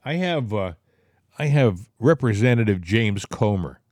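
A man's voice: lowish voice, expressive, measured pace, a little mellow, dry recording, clean studio sound. Indignant Boston-accented male talk host. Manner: rambling, indignant, with many fillers. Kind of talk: casual political chat.

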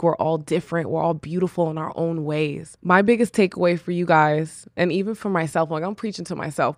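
A woman's voice: on the low side, no echo, clean studio sound. A woman hosting her own podcast, giving an earnest, personal, faith-based encouragement talk drawn from her own experience. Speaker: podcast host.

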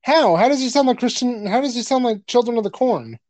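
A man's voice: very high-pitched, lively intonation, a little fast, a little mellow, no room sound. A man co-hosting a podcast in casual chat, crude and joking, laughing often and stumbling over his words. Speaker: podcast co-host.

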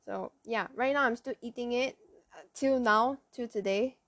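A teenage girl from Malaysia with a Malaysian Chinese accent, hosting a casual solo podcast, halting and searching for words, often giggling. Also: on the high side, a bit bright, no room sound. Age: teens. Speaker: podcast host.

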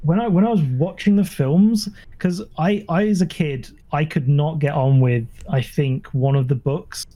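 A man's voice: fairly high pitch, moderate pace, hardly any pauses, dark tone. A man in casual conversation, self-deprecating, laughing often and restarting sentences. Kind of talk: casual chat.

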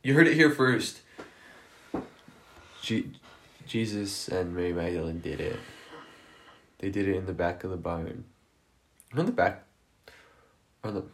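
A man's voice: low-pitched, expressive, measured pace, long pauses, a bit bright. A young man in casual chat, crude and joking, laughing often. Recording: echoey room.

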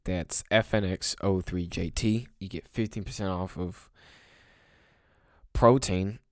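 A man's voice: low-pitched, fairly even intonation, slow pace, no room sound, studio quality. A young man rambling in a casual, crude and sarcastic monologue to his viewers, mocking himself. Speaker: vlogger.

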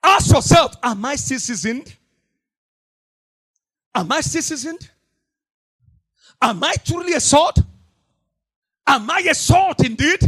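A middle-aged man preaching a fiery sermon. He repeats his lines, swings from hushed to shouting in a sing-song cadence, and bursts into tongues. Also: extremely high pitch, lively intonation, slow, pauses often.

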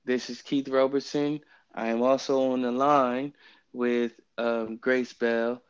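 A man hosts a casual Bible study podcast over a phone app, rambling with many fillers. His voice is smooth and even, with a narrow pitch range. The phone recording sounds dull and lo-fi. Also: slow pace. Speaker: podcast host. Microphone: phone app, remote recording.

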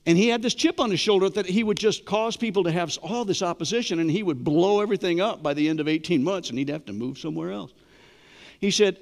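A man's voice: a little high, big-room sound. A middle-aged man preaching a sermon in a conversational way, asking the congregation questions. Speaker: pastor.

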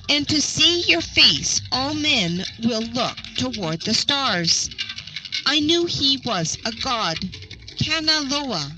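A woman reading the lines of a gentle, sorrowful young male giant in a slow, ponderous storybook tone. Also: high voice, exaggerated voice, poor audio. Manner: ponderous but not unpleasant tone.

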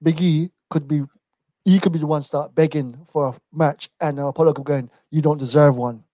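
A young man co-hosting a casual podcast chat, rambling and relaxed, laughing often. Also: on the high side, a little fast, no echo, rough recording. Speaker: wrestling podcast co-host.

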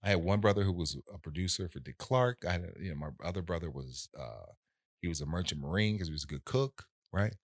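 A man in casual conversation, telling a story in an animated way and acting out the voices of people in it. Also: low voice, fast, no room sound, studio quality.

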